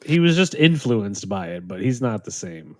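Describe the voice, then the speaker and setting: A man's voice: on the low side, big pitch swings, normal speed, no room sound, studio quality. A young man hosting a casual podcast chat, teasing his guests and laughing often. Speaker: podcast host.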